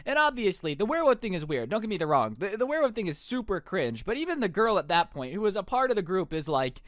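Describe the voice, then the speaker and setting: Lively, joking young man telling a story. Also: high-pitched, fast talker, few pauses, no room sound, clean studio sound. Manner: animated, joking, slangy, with mock-incredulous asides. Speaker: streamer. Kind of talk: casual storytelling on a livestream.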